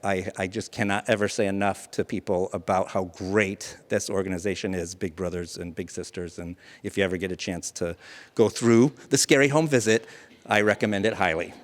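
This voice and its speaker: A man, around his thirties, telling a personal story live to an audience, animated and often laughing at himself. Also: lowish voice. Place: museum event space before a live audience. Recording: long hall reverb.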